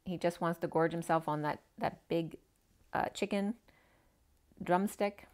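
Gentle woman reading tarot, low voice. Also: fairly even intonation, a little slow. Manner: gentle, reads oracle card text aloud. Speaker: tarot reader.

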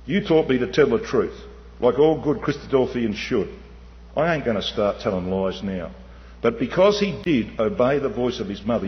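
A man preaching an animated sermon, swinging between loud emphasis and quiet asides. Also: medium pitch. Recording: dull, muffled hall with long reverb.

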